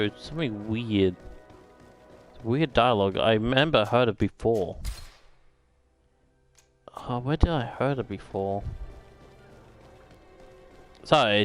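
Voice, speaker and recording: A man streaming a game, thinking aloud in rambling casual commentary. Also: mid-range voice.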